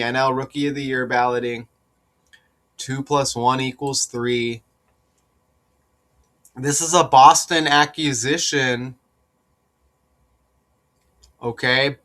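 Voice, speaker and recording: A man giving casual solo commentary on sports number patterns, repeating his points with rhetorical asides and growing more insistent. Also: mid-range voice. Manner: slow, deliberate, rising to excited insistence.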